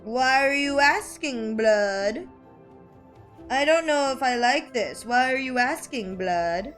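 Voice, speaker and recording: A woman's voice: sits high, lively intonation, slow pace, fairly bright tone, soft background music. A young woman chatting casually on a live art stream, giggly and playfully anxious as she talks to her chat.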